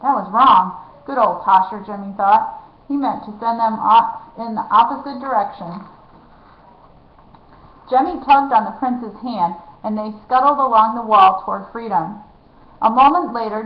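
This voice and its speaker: Woman reading a storybook aloud. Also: a little high. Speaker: reader. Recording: echoey, dull lo-fi room.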